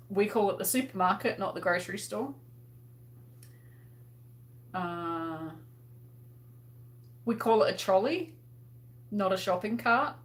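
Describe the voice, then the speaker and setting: A mid-range-voiced Australian woman hosts a casual livestream, answering viewers' comments. She chats and laughs freely and fills her speech with lots of fillers.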